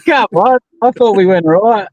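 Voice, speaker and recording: A man's voice: high-pitched, normal speed, highs cut off, a crowd in the background. An easygoing man from Australia with an Australian accent.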